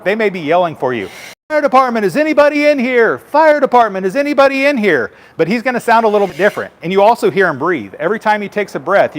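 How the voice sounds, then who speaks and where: A fairly high-voiced man, a firefighter, walks children through his gear in a patient, simple way. His explanations are friendly and plain, and a faint hum of background noise sits behind him. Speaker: firefighter giving a station tour. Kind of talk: live demonstration for children.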